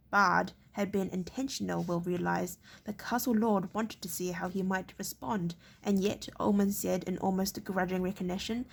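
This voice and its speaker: A woman reads a novel aloud in a gravelly, husky voice. She goes haltingly, often tripping over a word and starting it again. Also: mid-range voice. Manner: halting, often stumbling and restarting words. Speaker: reader.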